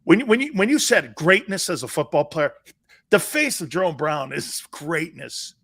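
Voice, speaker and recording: A man's voice: big pitch swings, moderate pace, creaky. Brash, blunt male sports talk host. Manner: brash, blunt, swears freely, jumps between loud and low. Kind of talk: live sports talk show, reacting to chat.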